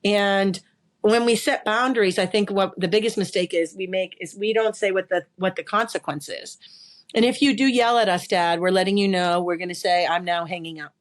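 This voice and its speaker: A woman who is a podcast guest and body language expert, telling a personal story in an emphatic, animated way, often repeating words. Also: medium pitch, moderate pace. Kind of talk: conversational storytelling interview.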